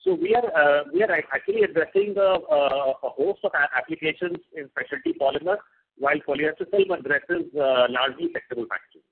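A company executive answering analyst questions on an earnings call in a measured, reassuring way. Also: male voice, on the high side, expressive, breathy edge. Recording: tinny phone line.

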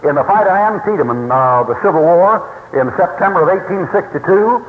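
A man with a fairly high voice preaches, telling stories in a folksy, emphatic way. His voice fills a roomy hall, and the long reverb trails after each phrase. The 1960s recording is thin and tinny. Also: expressive, a little fast. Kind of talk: sermon.

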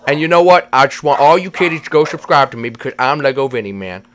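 A man's voice: mid-range voice, quick pace, lightly acted. A man voicing a laid-back Lego figure in a Minecraft role-play, ending lines with "man". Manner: drawling, says "man" every line.

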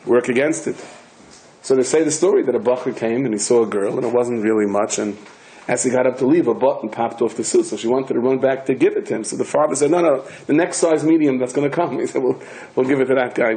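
In a mid-range voice, an older rabbi tells humorous stories during a Torah lecture, lively and prone to many restarts. There's a slight hiss or hum on this rough recording.

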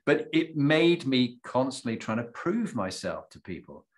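A man hosting an interview, telling stories in an animated, self-deprecating way. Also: mid-range voice, a little slow. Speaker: podcast host. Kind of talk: casual interview chat.

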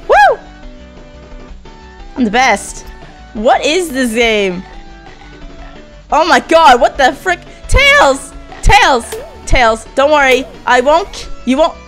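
A young woman giving excitable let's play commentary, whooping and yelling at the game. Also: a little high. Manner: excitable, loud whoops and squeals. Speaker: gaming YouTuber.

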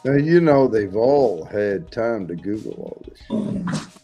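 A man reading aloud and chatting loudly with friends on a casual show. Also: lowish voice, slow, gravelly, breathy edge, faint music behind. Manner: loud, animated reading aloud. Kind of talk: casual group chat.

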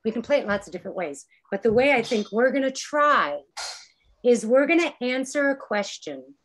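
A woman's voice: a little high, expressive, normal speed, a little hiss or hum. A woman leading an online improv class over a video call, explaining game rules patiently and encouragingly. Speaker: improv workshop leader.

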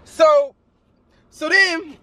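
Animated high-voiced young man telling stories. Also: extremely slow, no echo. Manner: animated, acts out every quote; loose, chatty, many fillers. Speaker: vlogger. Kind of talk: casual storytime while eating.

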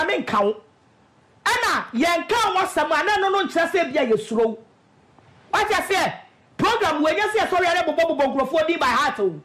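A woman's voice: high voice, a bit bright. A woman with a Ghanaian accent hosting a show. She gives emphatic, scolding commentary. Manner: emphatic, scolding, laughing now and then. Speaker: host. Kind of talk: animated commentary.

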